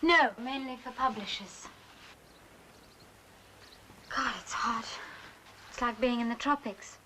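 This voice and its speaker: An actress playing a brisk, well-spoken young secretary in a period film. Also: female voice, a little high, sharp tone, a little hiss or hum, poor audio.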